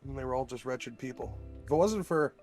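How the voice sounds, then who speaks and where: A man's voice: medium pitch, expressive, brisk, darkish tone, faint music behind. A man with a Chicago accent chatting casually on a stream, laid-back and joking, swearing a lot. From Chicago area. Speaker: guest on stream. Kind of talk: casual chat.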